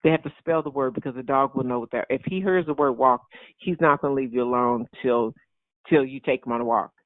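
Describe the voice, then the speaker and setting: A man preaching an informal sermon in an animated, repetitive way, often acting out excited voices. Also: mid-range voice, a little fast, dry recording. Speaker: pastor. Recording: tinny phone-like sound.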